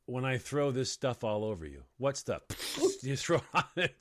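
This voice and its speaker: A man's voice: medium pitch, normal speed. A middle-aged man chatting casually on a podcast, telling stories and acting out the voices of the people in them. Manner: animated storyteller, acts out quoted voices.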